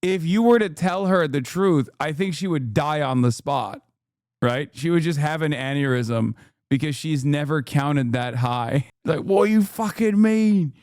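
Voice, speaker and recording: Male streamer, sarcastic and foul-mouthed, voice sitting a bit high, dry close-mic sound. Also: a little slow, dry recording. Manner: profane, sarcastic ranting. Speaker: streamer host. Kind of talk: reaction stream commentary.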